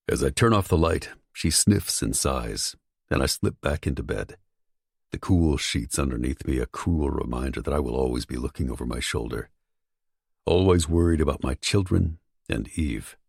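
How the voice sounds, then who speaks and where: A man narrating a romance audiobook in the first person, steady and intimate, on a close studio mic. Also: a bass voice, normal speed, gravelly, slightly rough, no room sound.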